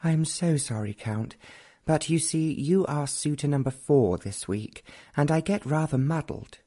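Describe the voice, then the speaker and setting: A man's voice: fairly high pitch, expressive, a little slow, voice pushed up. A man voicing an eighteen-year-old English girl who is polite, light and apologetic, in an audiobook. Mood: wistful. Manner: light, apologetic, softly lifted.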